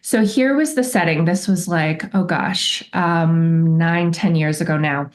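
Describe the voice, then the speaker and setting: A woman's voice: lowish voice, a little slow. A woman guest on a podcast, telling a personal story in a candid, reflective way and acting out remembered remarks.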